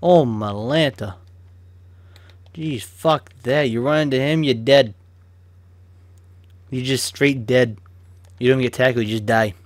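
A man's voice: medium pitch, slow, pauses often, dry recording. A young man giving casual, chatty commentary on a football video game as he opens card packs, swearing freely and flaring up in sudden rants. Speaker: gaming YouTuber.

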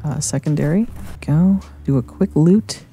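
A man's voice: fairly high pitch, a little slow, dark tone, a little hiss or hum. A man commenting on his own gameplay with frequent swearing, talking back at the enemies on screen. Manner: profane, talks to the zombies on screen. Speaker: gaming video creator. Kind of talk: let's play commentary.

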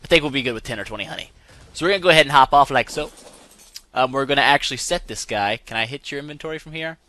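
A young man hosting a gaming channel, giving excitable let's-play commentary and yelping when things go wrong. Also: mid-range voice, very fast, no room sound. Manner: excitable, yelps and laughs when in trouble.

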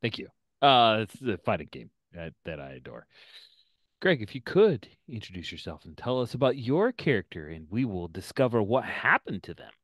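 A man leads a tabletop game over a call, his very low voice leaping up and down with animation. He is playful and drops into murmured asides. The sound is dry and close. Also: very animated, moderate pace, dry recording. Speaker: game master. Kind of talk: running an online tabletop game.

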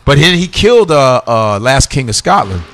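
A middle-aged man from Nigeria, a guest comedian trading profane stories and quick impressions in casual podcast banter. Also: mid-range voice. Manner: animated, profane storytelling with impressions.

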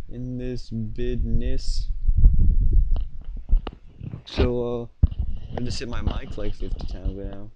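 A man's voice: mid-range voice, heavy background noise. A young man casually commenting on his own gameplay, rambling and answering himself. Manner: rambling, chatty, talks back to himself. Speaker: gaming YouTuber.

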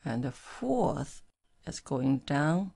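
A woman whose first language is Mandarin Chinese, teaching pinyin in English and slowly modelling tones for the learner to repeat. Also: low-pitched, sing-song, mellow. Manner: slow, clearly modelled syllables. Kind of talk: language lesson with tone drills.

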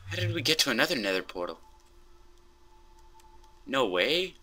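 A young man hosting gameplay commentary, excitable and full of startled exclamations. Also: mid-range voice, normal speed, pauses often, faint music behind. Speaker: host.

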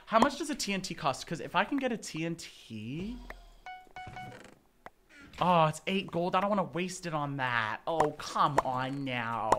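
A young man streaming a game with casual chatter, excitable with dramatic reactions and playful teasing. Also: fairly high pitch, a little slow, heavy background noise.

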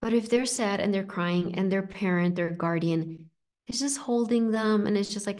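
A woman coach leading a live online session, talking gently and reassuringly, with frequent fillers and restarts. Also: mid-range voice, normal speed. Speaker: inner child coach. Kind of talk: live coaching session, reading chat comments.

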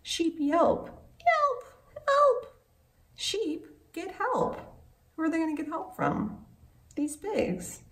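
This children's librarian has a very high voice and reads slowly to a group of young kids from a picture book. Frequent gasps, exclamations, and questions to the children keep it animated. The sound is echoey and distant, with faint noise in the background.

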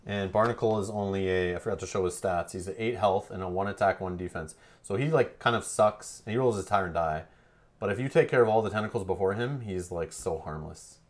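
A man's voice: low-pitched, fairly quick. A man hosting a live board game playthrough, chatting casually, joking with the players and explaining the rules as he goes.

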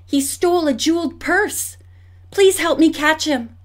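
A woman's voice: high voice, measured pace, pitched above the performer's own voice. A woman reading an audiobook, voicing a determined, observant young woman detective. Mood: urgent. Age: young adult. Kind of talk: audiobook character voice.

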